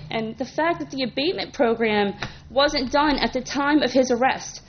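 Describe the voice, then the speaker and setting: A woman's voice: high voice, brisk, few pauses, dull audio, slight background noise. A woman speaking as a resident at a town council meeting, emotional and indignant, talking in run-on bursts at a podium microphone. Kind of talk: public comment at a council meeting.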